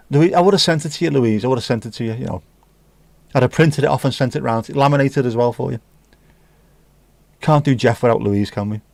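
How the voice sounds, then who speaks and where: Bloke rambling and cracking jokes on his stream, mid-pitched voice, dry close sound. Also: creaky, a little mellow, no room sound. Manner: jokey, rambling, sings snatches of songs. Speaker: livestream host. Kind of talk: casual chat reading viewer comments.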